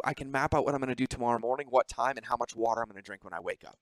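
A man in the middle of a podcast conversation, animated and quick with his asides. He swears freely and keeps the chat loose. His voice sits in an average range and the recording is dry and close, with no room sound. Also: mid-range voice, no echo. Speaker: podcast host.

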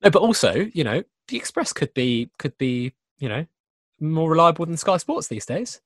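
A man's voice: a little high, sing-song, normal speed, no room sound. A young man hosting a casual podcast chat, talking in repeated, self-interrupting bursts. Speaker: podcast host. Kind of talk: casual chat over a video call.

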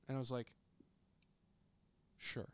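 Speaking slowly and close to a studio mic, a young adult man tells a story on a podcast in casual, blunt chat full of profanity. The recording is dry.

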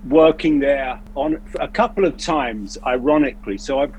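A man's voice: mid-range voice, moderate pace, darkish tone, husky, low-quality recording. An older man from England with an English accent, curious and self-deprecating in casual chat.

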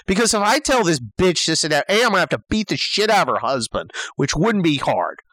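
An older man telling a comedic story as a profane, exasperated rant, dropping to low mutters and jumping to yelled outbursts. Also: sing-song, fairly quick, no room sound, poor audio.

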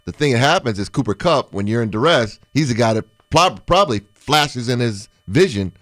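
A man's voice: medium pitch, animated, fairly quick, a bit bright, no room sound, clean studio sound. A man, a former quarterback and co-host on sports radio, breaking down plays in an explanatory way. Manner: explanatory, analytical.

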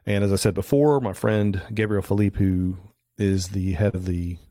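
A man's voice: low voice, steady tone, normal speed, warm tone, dry recording, studio quality. A middle-aged man, a photographer guest, chatting casually and telling anecdotes with plenty of restarts and fillers. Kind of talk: casual interview storytelling.

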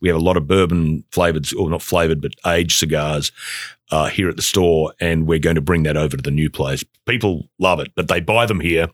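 Deep-voiced rambling enthusiastic man. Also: fairly even intonation, a little fast, no room sound, clean studio sound. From Australia. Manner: enthusiastic, rambling with many fillers. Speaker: guest, bourbon company founder. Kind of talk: casual podcast chat.

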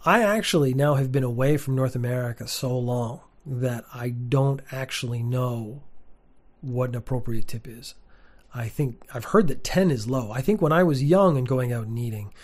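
A man's voice: medium pitch, normal speed. A man, giving a candid, opinionated casual monologue to camera from a sparse room, with frequent fillers. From Canada. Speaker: teacher and vlogger.

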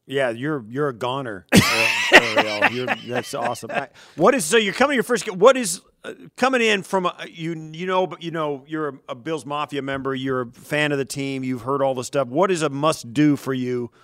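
A man's voice: fairly high pitch, expressive, a little fast, hardly any pauses, fairly bright tone, dry recording. A man co-hosting a sports radio show, asking rambling, chatty questions. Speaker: co-host. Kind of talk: casual sports talk.

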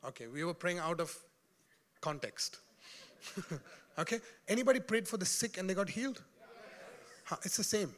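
A man preaching a sermon in an animated, joking way, often laughing and calling out to his congregation. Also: high-pitched, normal speed, pauses often.

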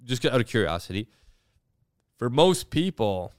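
A man co-hosting a podcast, talking candidly in casual chat with animated asides. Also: mid-range voice, a little slow, smooth, no echo, studio quality. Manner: candid, animated storytelling with acted quotes. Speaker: podcast co-host.

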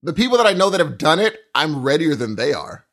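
Animated storytelling man, lively pitch. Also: fast talker. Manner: animated storyteller acting out other people's lines. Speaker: podcast co-host. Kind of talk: casual chat.

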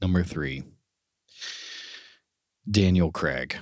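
A man co-hosting a podcast in casual chat, telling stories loudly with playful impressions. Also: sits low, very slow, dry recording, studio quality. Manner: animated, loud storytelling with playful impressions. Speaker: podcast co-host.

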